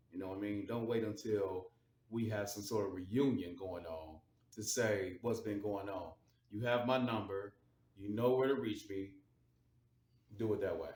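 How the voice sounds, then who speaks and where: A man giving blunt, repetitive life advice in an unscripted monologue, with casual swearing. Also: lowish voice. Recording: roomy echo from far off mic.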